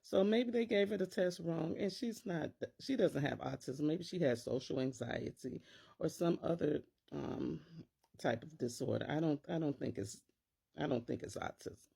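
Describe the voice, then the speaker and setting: A woman's voice: low voice, normal speed, creaky, mellow, breathy edge. A middle-aged woman, a teacher and parent, talking casually to camera and acting out worried inner voices in quotes.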